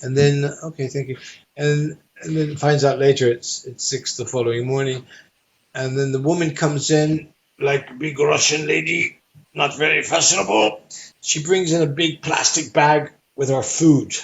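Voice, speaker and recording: Man telling a lively story, lo-fi. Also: on the high side, moderate pace. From United States. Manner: lively storyteller who acts out the people he quotes. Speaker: interview guest, stage performer. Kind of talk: casual anecdote telling. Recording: dull lo-fi recording.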